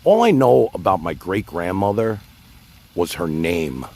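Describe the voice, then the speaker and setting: A man's voice: low-pitched, big pitch swings, a little slow, darkish tone. A man hosting his own livestream, rambling casually and talking straight to his chat. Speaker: livestream host.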